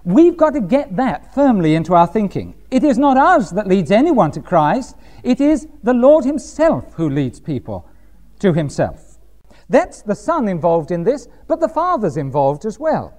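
Emphatic male preacher with a lively voice. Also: sits high. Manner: emphatic, rhetorical questions, reads scripture slowly. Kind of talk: sermon.

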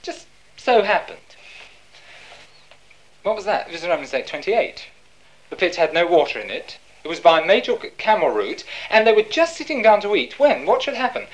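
Woman preacher, low voice, very animated delivery, emphatic and rhetorical. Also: low-quality recording. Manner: emphatic, rhetorical questions answered herself. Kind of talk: sermon.

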